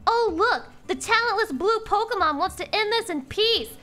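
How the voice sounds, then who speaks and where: A woman voicing bratty male internet trolls from a webcomic, jeering with shrill taunts. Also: lively intonation, normal speed, pushed and bright, heavily acted. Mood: mocking.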